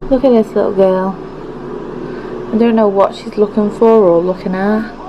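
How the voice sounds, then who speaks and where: A woman's voice: mid-range voice, fairly even intonation, normal speed, muffled recording, background noise. A woman in her twenties chatting casually to camera at home, rambling and self-mocking. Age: 20s. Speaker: vlogger. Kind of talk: casual vlog chat to camera. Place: at home indoors.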